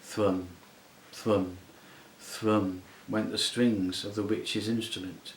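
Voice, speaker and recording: A man's voice: lowish voice, little pitch movement, takes it slowly, slight background noise. Man reading a storybook aloud, roomy sound. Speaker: audiobook reader. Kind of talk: storybook narration.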